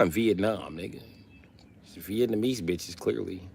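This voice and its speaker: A man's voice: fairly low pitch, lively intonation, normal speed, pushed and bright, slight background noise. Profane man riffing on a stream. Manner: profane, riffing, jumps in and out of voices. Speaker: comedian streamer. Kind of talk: profane comedic riffing on a livestream.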